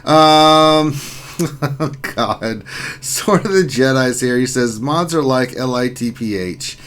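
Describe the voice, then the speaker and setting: A man's voice: medium pitch, expressive, takes it slowly, fairly bright tone, clear, resonant tone. A man hosting a casual gaming livestream in a chatty, upbeat way, reading out viewers' messages. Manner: upbeat, chatty, reads chat messages aloud. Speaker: livestream host.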